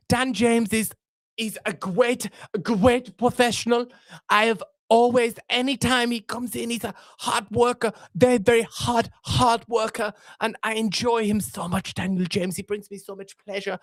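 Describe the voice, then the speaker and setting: A man putting on a doting, high-voiced admirer who gushes in a fawning, sing-song way. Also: a bit bright, dry recording, clean studio sound.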